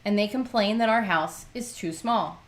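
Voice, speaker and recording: A woman's voice: medium pitch, moderate pace. A middle-aged woman co-hosting a livestream, chatting candidly and often sounding exasperated about her kids. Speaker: livestream co-host. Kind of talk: casual chat.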